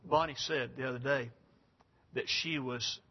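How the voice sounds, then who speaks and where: A man's voice: medium pitch, steady tone, measured pace, breathy edge. An older man preaching a sermon in a folksy, rambling, emphatic way. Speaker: pastor. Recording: dull lo-fi sound.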